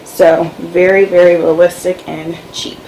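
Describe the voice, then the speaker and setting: A woman's voice: on the low side, flat delivery, unhurried, a little mellow, a little hiss or hum, rough recording. A woman vlogger giving a casual tour of her home office and filming room, chatty and loose with lots of fillers. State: out of breath. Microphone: camera-mounted mic.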